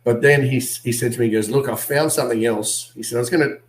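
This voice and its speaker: A man with an Australian accent, an actor guest on an interview, telling animated anecdotes and acting out what other people said. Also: mid-range voice, fast, roomy sound, poor audio. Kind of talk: casual interview storytelling.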